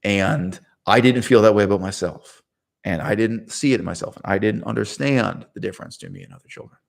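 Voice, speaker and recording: Brief: man, low gravelly voice, rambling self-correcting monologue. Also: brisk. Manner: digressive, self-correcting, laughs at his own story. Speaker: channel host.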